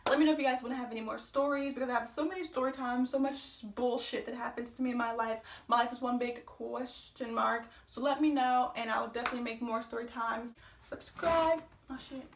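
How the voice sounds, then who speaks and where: A young woman telling a personal story on her vlog, animated and profane, acting out the quotes. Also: fairly high pitch, a little fast, roomy sound, recorded from a distance. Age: young adult. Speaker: vlogger.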